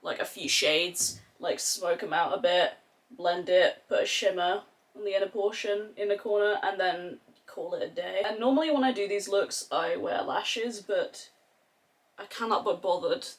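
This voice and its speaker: A woman's voice: mid-range voice, normal speed. Chatty swearing woman, Aussie-English accent. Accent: mix of Australian and English. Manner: chatty, swears freely, rambling tangents. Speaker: beauty vlogger. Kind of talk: casual makeup tutorial chat.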